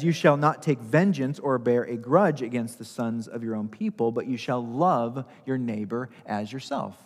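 A man preaches a sermon at a middle pitch, repeating his key phrases for emphasis. His voice rings out with a long reverb through a church sanctuary. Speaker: pastor.

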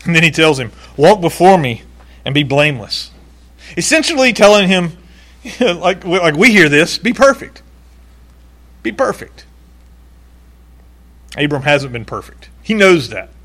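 A male pastor preaching a sermon in an animated way, acting out quoted voices and laughing now and then. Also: fairly high pitch, normal speed.

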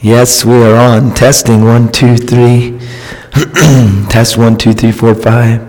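A man's voice: medium pitch, slow. A man serving as pastor, chatting casually and counting into the mic during a sound check before a sermon. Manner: relaxed, joking, counting into the mic. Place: church sanctuary. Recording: long hall reverb.

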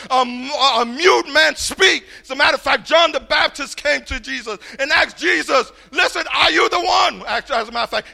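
A middle-aged male pastor preaching a sermon in a church, swinging between booming shouts and soft asides, often stammering and repeating words. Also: gravelly. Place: church, before a congregation.

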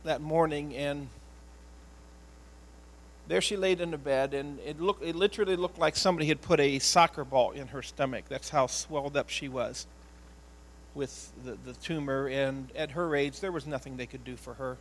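A man, a pastor, telling a personal story in an earnest, emotional sermon style, often halting and repeating words. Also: fairly high pitch, slight background noise, rough recording.

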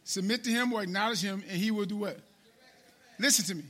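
A man preaching a sermon in call-and-response style. He repeats his phrases and swings between loud and soft. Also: high-pitched, fast talker.

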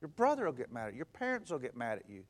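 A pastor preaching a conversational sermon, stacking emphatic, repeated phrases and acting out what people say. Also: male voice, medium pitch, huge pitch swings, very fast. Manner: repetitive, emphatic build-ups.

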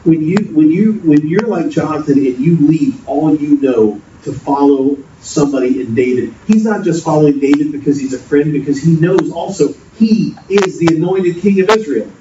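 A man's voice: a little high, moderate pace, hardly any pauses, warm tone. Earnest man preaching in an echoey hall. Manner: earnest, storytelling, repeats himself. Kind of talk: sermon. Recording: distant, dull, noisy echoey hall.

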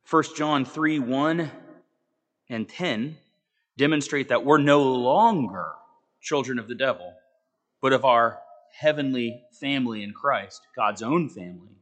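A man preaching a sermon, earnest and emphatic, talking straight to the congregation with conversational asides and sudden swings between loud and quiet. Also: mid-range voice, measured pace. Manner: earnest, emphatic, rising and falling with dramatic swings in volume.

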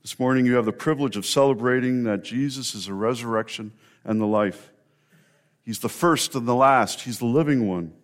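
Earnest man preaching an Easter sermon. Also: mid-range voice. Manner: earnest storytelling with rising emphasis and pauses. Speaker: pastor.

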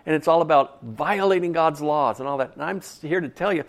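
Speaking a little fast in a fairly high register, this male pastor delivers his sermon like a conversation. He quizzes the congregation and repeats important phrases to drive them home.

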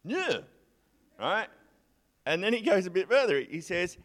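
A man giving a conversational sermon, chatty and animated, sometimes acting out a distressed psalmist's prayers. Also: high voice, measured pace, pauses often. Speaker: preacher.

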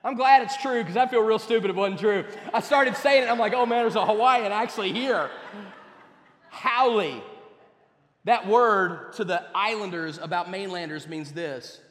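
Male pastor, very high voice, emphatic sermon delivery, recorded in a reverberant hall. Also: normal speed, a bit bright. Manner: emphatic, with repeated words and rising and falling delivery. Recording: echoey hall with long reverb.

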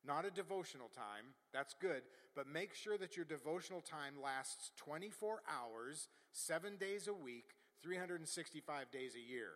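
A man's voice: a little high, animated, moderate pace, few pauses, fairly bright tone. A middle-aged male preacher giving a sermon, building rhythmic repeated proclamations and chuckling at his own asides. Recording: long hall reverb.

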